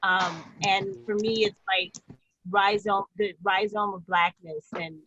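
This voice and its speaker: A woman, a doctoral student, joins a writing workshop over a video call. Her voice is bright and sharp, and she rambles effusively. The audio is muffled, with a faint hiss behind. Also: mid-range voice, fairly even intonation, slow. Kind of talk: casual chat.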